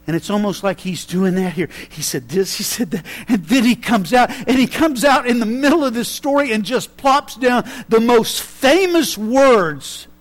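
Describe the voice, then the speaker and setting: A preacher with a high-pitched voice delivers a sermon. He drops to near-whispers, then rises to excited, loud bursts as he acts out quoted speech. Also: normal speed, few pauses. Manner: dramatic swings between hushed and loud, acts out quotes.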